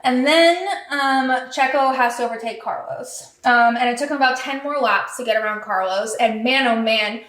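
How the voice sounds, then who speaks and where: A woman hosting a podcast, giving an excitable, chatty recap full of "like" and "um". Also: on the high side, moderate pace, few pauses, echoey room, poor audio. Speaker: podcast host. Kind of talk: casual race recap.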